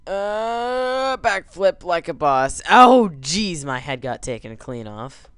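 A man's voice: high voice, very animated, slow, a bit bright, clear, resonant tone, no echo, studio quality. A man doing goofy gameplay commentary, yelping and joking whenever his character crashes. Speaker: let's play gamer.

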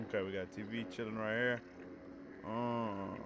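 A man's voice: lowish voice, steady tone, normal speed, a bit bright, a little hiss or hum. A man commenting on a horror game as he plays, jittery and profane, swinging from muttering to yelping in fright. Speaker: gameplay commentator. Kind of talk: let's play commentary.

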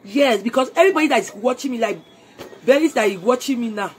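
A Nigerian network-marketing seller goes live on her phone from home, making urgent, persuasive appeals in mixed Pidgin and English for viewers to join her business. She talks fast in a slightly high voice with lively intonation, with slight background noise.

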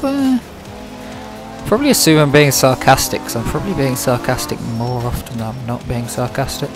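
A British man rambles casually into a close microphone while he streams a game. His delivery is dry and always sounds sarcastic, swearing comes easily, and his voice sits at an ordinary middle pitch. Music plays clearly behind him. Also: lively intonation, fast. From Britain. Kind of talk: casual livestream chat. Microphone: microphone close in front of the mouth. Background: music playing.

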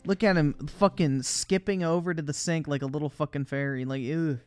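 A man's voice: fairly high pitch, steady tone, a little fast, smooth, faint music behind. A young man streaming a casual reaction, swearing constantly, laughing, and mocking what he watches. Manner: crude, profane, laughing, mocking.

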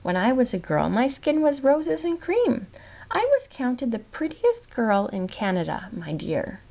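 A woman voicing a vain older aunt who boasts of her youthful beauty in a gushing, high, lifted voice. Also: sing-song, a little slow, gravelly, mellow, full character voice. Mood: boastful.

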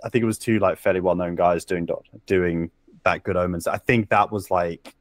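A man's voice: low-pitched, steady tone, normal speed, no room sound. A man as a podcast guest, talking casually in a rambling, hesitant way full of restarts. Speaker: podcast guest, video essayist.

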